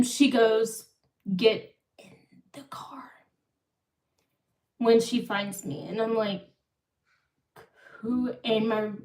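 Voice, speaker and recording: Woman in her 30s, fairly high voice, slow unhurried pace, rambling live-stream storytelling, echoey room, far from the mic. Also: a little mellow. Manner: rambling, self-interrupting.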